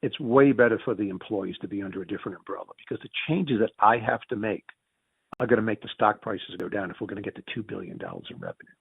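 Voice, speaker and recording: A man with a Northern US Yankee accent telling stories as an interview guest, acting out quoted dialogue with big pitch jumps and often restarting his words. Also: very animated, quick pace, gravelly, slightly rough, no room sound. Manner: frequent restarts and repeated words. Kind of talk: storytelling in a conversational interview. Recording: tinny phone-like dry audio.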